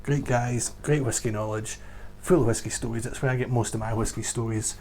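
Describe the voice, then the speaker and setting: A man's voice: mid-range voice, steady tone, fairly quick, a little mellow, a little hiss or hum. A man working as a whisky tour guide, talking through favourite whiskies in a casual, enthusiastic and emphatic vlog recorded indoors at home. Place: indoors at home beside a shelf.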